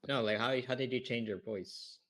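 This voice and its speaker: A man's voice: medium pitch, moderate pace, a crowd in the background. A laid-back man chatting and laughing on a casual online call from his computer.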